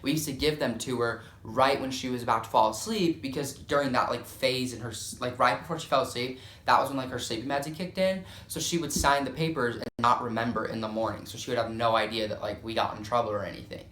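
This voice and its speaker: A man's voice: medium pitch, fast, few pauses, fairly bright tone, echoey room. A young man telling a dramatic storytime, swearing often and filling gaps with "like.". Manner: profane, dramatic, filler-heavy storytelling. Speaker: storytime vlogger. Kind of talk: casual storytime.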